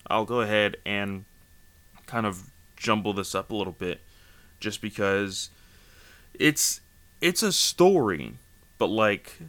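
A man's voice: fairly low pitch, animated, slow, pauses often, a bit bright. A man casually recapping comic book issues, rambling with many fillers and restarts.

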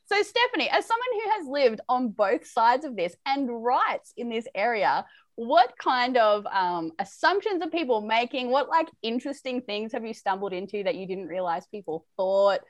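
A woman's voice: fairly high pitch, animated, moderate pace, no echo. Australian woman, podcast host, chatty, bone-dry close sound. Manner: chatty, laughs often. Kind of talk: casual podcast interview.

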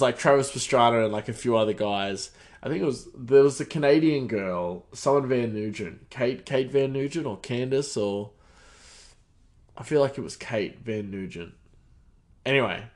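A man hosting a podcast, telling a casual story in a rambling way full of fillers and restarts. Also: medium pitch. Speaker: podcast host.

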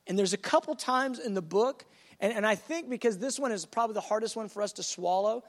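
A man preaching a sermon, acting out conversations with God by dropping to a soft, low voice for God's replies and keeping an emphatic, repetitive preaching rhythm.

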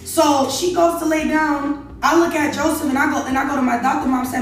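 A woman's voice: high voice, level tone, brisk, hardly any pauses, recorded from a distance, slight background noise. A young adult woman telling a casual story, chatty and exasperated, talking straight to her viewers. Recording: very echoey room, away from mic, faint music.

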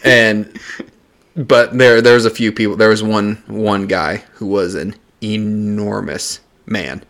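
Blunt, deadpan guy with a lowish voice. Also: slow pace, creaky. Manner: blunt, swears a lot, deadpan retail stories. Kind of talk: casual chat.

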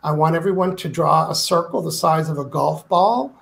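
Brief: man, higher voice with gravel, emphatic guest author acting out examples. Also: normal speed. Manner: emphatic, acts out quoted complaints. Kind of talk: animated interview talk.

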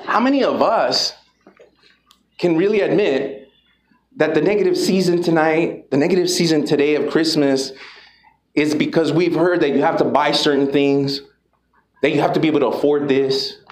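A man giving an energetic, profane motivational talk to a live audience, calling out to the crowd. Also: a little high, normal speed. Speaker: motivational speaker. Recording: echoey room with background noise.

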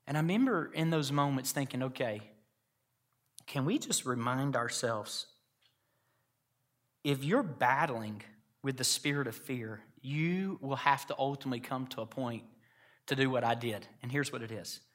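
A man preaching a sermon to a church congregation, moving from hushed personal storytelling to loud emphatic exhortation. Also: mid-range voice, moderate pace. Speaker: pastor.

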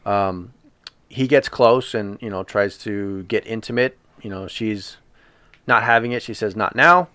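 A man's voice: fairly low pitch, fairly even intonation, unhurried, fairly bright tone, clear, resonant tone, no echo. A man casually recapping a TV episode, paraphrasing scenes with lots of ums and you knows. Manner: retells scenes with loose paraphrased quotes and many fillers. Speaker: podcast co-host recapping a TV episode. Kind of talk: casual chat.

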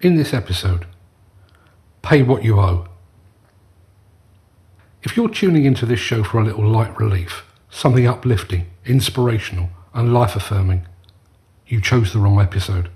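A man's voice: on the low side, lively intonation, moderate pace, pauses often, dark tone. Middle-aged guy reading out a furious scripted podcast rant, hitting every point hard. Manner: angry, emphatic ranting delivery. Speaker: podcast host.

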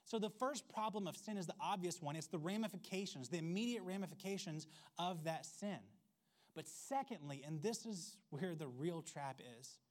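A man's voice: high-pitched, normal speed. A man preaching a sermon in a conversational, wry way, with playful asides. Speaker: pastor.

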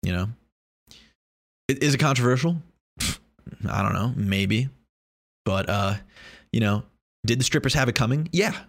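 A man's voice: medium pitch, animated, normal speed, vocal fry, long pauses, no echo, studio quality. A young man talking in a casual, rambling monologue, joking and swearing freely.

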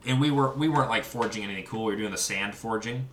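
A man's voice: fairly low pitch, fast, fairly bright tone, a little hiss or hum. A young man in casual chat, telling rambling, profane stories with lots of restarts. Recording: echoey room, mic at a distance.

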